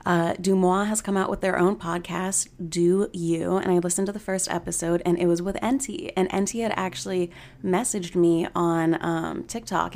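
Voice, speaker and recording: A woman's voice: on the low side, steady tone, normal speed, darkish tone. A woman hosting a podcast, chatty and gossipy, swearing freely as she talks. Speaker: podcast host. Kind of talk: casual podcast monologue.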